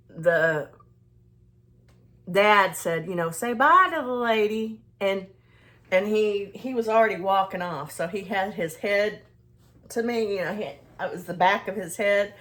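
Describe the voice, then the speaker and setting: A woman's voice: mid-range voice, slow, pauses often. A woman vlogger telling a casual story to her viewers, rambling along with many restarts and fillers as she talks to the camera. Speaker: skincare and self-care vlogger.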